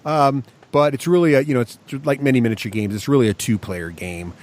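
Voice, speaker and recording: A man co-hosting a podcast, talking eagerly about a game. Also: medium pitch. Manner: enthusiastic, quick, lively. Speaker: podcast co-host. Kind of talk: casual chat.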